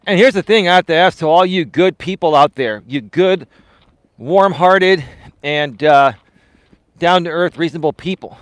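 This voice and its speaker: A man's voice: a little high, a little slow, dry recording. Earnest motivational male coach, dry sound. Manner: earnest, repetitive, motivational, addresses viewers as folks. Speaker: life coach and live-stream host. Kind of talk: casual live-stream talk while walking. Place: outdoors, walking.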